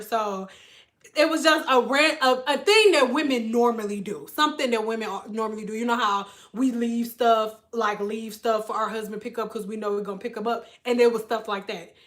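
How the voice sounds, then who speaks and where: A woman and former hairstylist chatting casually to her viewers, telling stories in an animated way, swearing freely and acting out what people say. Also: fairly high pitch, fairly quick. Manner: animated storyteller, swears freely, acts out quotes. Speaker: beauty vlogger, former hairstylist.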